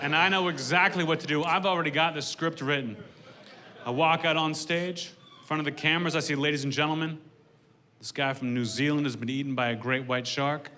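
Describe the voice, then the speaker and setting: Male stand-up, deadpan, bright and cutting tone, faint hiss. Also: fairly high pitch, fairly quick. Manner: deadpan, dry delivery. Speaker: stand-up comedian. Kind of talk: stand-up set on stage.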